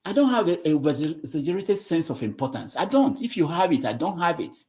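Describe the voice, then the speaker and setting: A man's voice: a little high, sing-song, a little fast, mellow. A middle-aged man hosting an online discussion, lecturing and scolding listeners while repeating himself. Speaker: host moderating an online discussion. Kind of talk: casual moderating talk.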